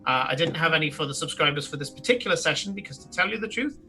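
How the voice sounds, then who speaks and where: Guy gm wrapping up a stream, super bright voice, rambly with lots of uhs, quiet music behind. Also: on the high side, animated, rapid-fire. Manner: rambling, lots of fillers and restarts. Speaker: game master. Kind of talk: live-streamed tabletop game, narrating and chatting.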